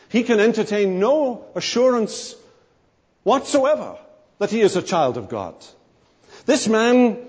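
A man preaching a sermon, emphatic and animated, his emphasis rising and falling. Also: sits high, slightly rough. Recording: long hall reverb.

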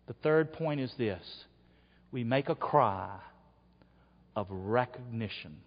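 Pastor preaching: slow and very expressive, a little husky, dull long-reverb church recording. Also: male voice, mid-range voice. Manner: preaching that swings from quiet asides to loud shouts. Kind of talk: sermon. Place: church sanctuary. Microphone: wearable mic.

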